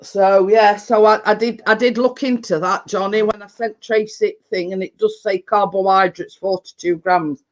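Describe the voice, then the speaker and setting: A woman's voice: mid-range voice, fairly even intonation, normal speed, few pauses. A woman hosting a live stream, chatting in a rambling way and laughing often. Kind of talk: casual chat.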